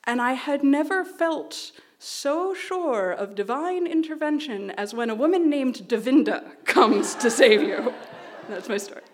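A woman telling a personal story on stage at a live storytelling event, in an animated, anxious way with quick run-on phrases. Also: sits high. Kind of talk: live storytelling before an audience.

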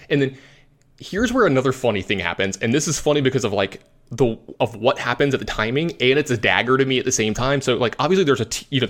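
A man casually telling a long story as a podcast host, animated and rambling, with lots of fillers. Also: medium pitch. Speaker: competitive card game player.

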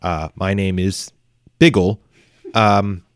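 A man's voice: deep voice, steady tone, takes it slowly, no room sound, clean studio sound. A man voicing an exasperated male adventurer who keeps being called by the wrong name. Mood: polite.

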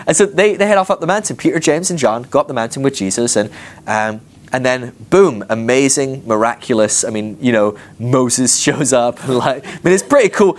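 A man preaching a casual, chatty sermon and acting out the disciples in quick asides. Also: mid-range voice, lively intonation, a little hiss or hum.

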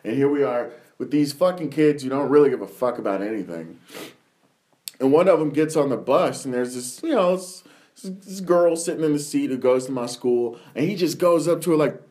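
A young man with a slightly high voice hosts a casual podcast chat. He rambles through profane anecdotes and laughs often as he talks. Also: animated, moderate pace, darkish tone. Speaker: podcast host.

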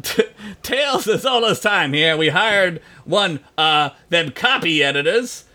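A man's voice: high-pitched, animated, measured pace, sharp tone, pitched above the performer's own voice, full character voice. A man putting on a brash New gossip columnist. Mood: cocky. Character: brash male gossip columnist, cocky and sassy.

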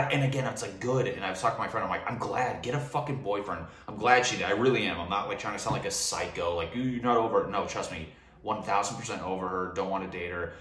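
A young man rants in a loose, rambling monologue, swearing freely and working himself up as he talks. His voice sits a little low. The sound is roomy and echoey, picked up from some distance off the mic. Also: fairly bright tone. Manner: profane, heated and rambling. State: drinking wine. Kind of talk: casual monologue vent.

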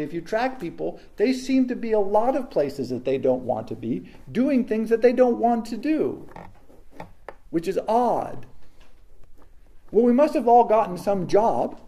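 Man, high and mellow voice, casual storytelling talk, acts out quotes. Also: big pitch swings, measured pace.

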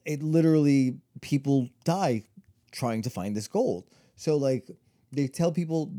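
Relaxed, rambling man with a mellow voice. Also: mid-range voice, unhurried. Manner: rambling, lots of fillers and restarts. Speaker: podcast co-host. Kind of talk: casual chat.

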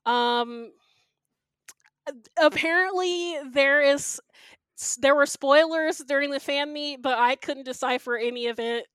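A woman hosting a podcast in casual chat, giving relaxed, rambling updates. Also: high voice, unhurried, dry recording. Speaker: podcast host.

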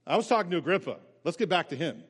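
An earnest apostle pleading his case, voiced by a preacher, urgent and emphatic. The voice sits fairly high and rings through a long church-hall reverb. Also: animated, rapid-fire, slightly rough. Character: earnest apostle defending himself before a king.

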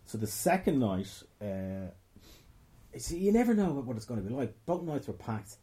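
Here a young stand-up from Dublin chats casually, spinning a profane, meandering tale and frequently breaking off mid-sentence. The voice is medium in pitch with big swings, delivered at a moderate pace in a dark tone with a breathy edge.

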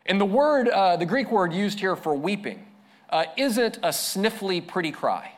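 A man preaching a sermon as a pastor, earnest, slowing down and dropping softer to stress his points. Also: sits high, sing-song.

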